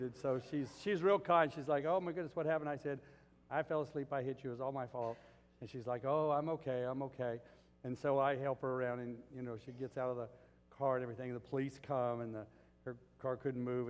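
Animated male pastor in a reverberant hall. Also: mid-range voice, brisk. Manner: storytelling, animated, builds to emphatic peaks. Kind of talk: sermon. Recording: long reverb of a large hall.

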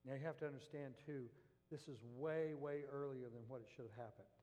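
A male pastor preaching a sermon, moving between hushed, earnest tones and impassioned shouting. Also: medium pitch, fairly even intonation, a little fast, highs cut off. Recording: long reverb of a church hall.

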